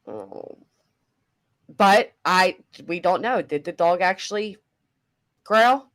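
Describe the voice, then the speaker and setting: A middle-aged woman hosting a casual reaction chat, chatty and animated, swearing casually. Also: lowish voice, slow, pauses often. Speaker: commentary host.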